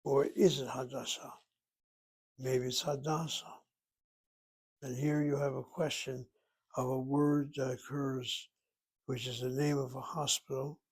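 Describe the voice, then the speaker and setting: Raspy guy teaching hebrew solo, reads from the book and asks himself questions out loud. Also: mid-range voice, level tone, moderate pace. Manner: thinking aloud, rhetorical questions, spells words out. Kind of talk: self-study lesson, reading from a textbook.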